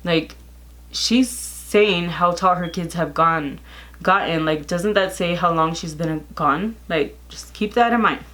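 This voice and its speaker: A woman in her thirties, a vlogger, retelling a family dispute in casual storytime chat, animated and exasperated, quoting texts aloud. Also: lowish voice, takes it slowly. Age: 30s.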